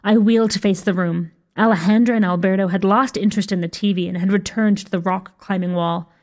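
A woman reading a first-person story aloud, her pitch sitting in the middle of the range. She delivers it in a wry, dryly amused way. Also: fairly even intonation, fairly quick, a little mellow. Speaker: story narrator. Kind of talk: scripted narration.

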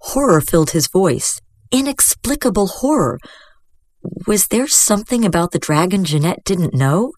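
A woman reading a fantasy story aloud in a steady, measured manner into a close mic. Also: lowish voice, no room sound. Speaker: story reader. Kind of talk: scripted story narration.

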